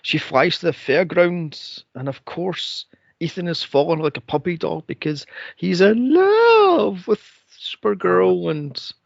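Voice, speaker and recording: Exasperated man with a gravelly voice. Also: high voice, very animated, takes it slowly, no room sound. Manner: exasperated, swearing, laughing recaps. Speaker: podcast co-host. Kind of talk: casual chat recapping a film. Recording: dull lo-fi podcast mic.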